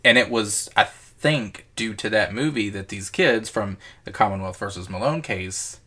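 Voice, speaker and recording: A man's voice: fairly low pitch, normal speed, sharp tone. Hesitant, profanity-dropping male podcast co-host. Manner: hesitant, lots of fillers and restarts, swears freely. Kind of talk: casual chat.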